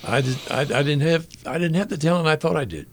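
Older male interview guest, gravelly voice, earnest and reflective storyteller, halting delivery with restarts. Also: a little high, a little hiss or hum. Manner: halting, with frequent restarts and fillers. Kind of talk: personal storytelling in conversation.

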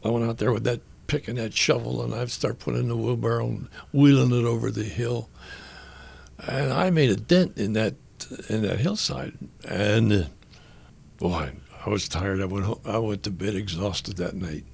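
An older man, a guest in an interview, telling a personal story earnestly and reflectively, halting with frequent restarts. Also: fairly low pitch, creaky, a little mellow, husky.

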